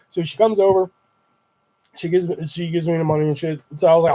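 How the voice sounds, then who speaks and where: Young man, a bit high-pitched, casual livestream chat, rambling, swears a lot. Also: fairly even intonation, fast talker, mellow. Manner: profane, rambling, laid-back. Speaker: streamer.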